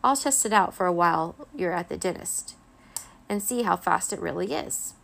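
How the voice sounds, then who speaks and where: A woman's voice: lowish voice, animated, normal speed, vocal fry, a bit bright. A woman voicing Minxie, a chatty, curious schoolgirl in a children's story, talking in a bubbly way.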